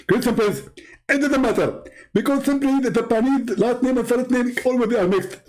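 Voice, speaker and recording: A man's voice: very high voice, normal speed, darkish tone, voice pushed up, rough recording. A man putting on a pompous, condescending voice for a mocking impression of a preacher. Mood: smug. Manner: pompous, condescending, talks in a mock accent. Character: mock impression of a preacher, male, pompous, smug.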